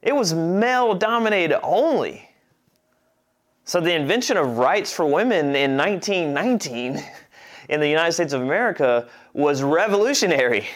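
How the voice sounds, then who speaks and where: A man's voice: fairly high pitch, expressive, moderate pace. A man teaching a church class, talking conversationally, restarting phrases and checking that the group follows.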